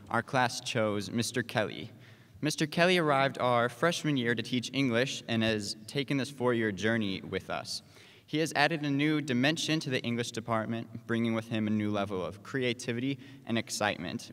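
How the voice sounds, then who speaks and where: Young student introducing in an echoing hall. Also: male voice, medium pitch, a bit bright. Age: young adult. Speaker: graduating student introducing the speaker. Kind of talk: formal introduction. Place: large hall at a graduation ceremony. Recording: long hall reverb with a faint crowd.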